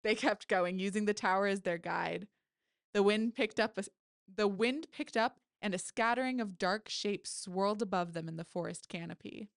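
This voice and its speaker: A woman author reads her own horror story aloud. She is lively and now and then corrects herself with a laugh. Her voice sits at an ordinary pitch and is recorded close and dry, with no room sound. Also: moderate pace, gravelly, no room sound.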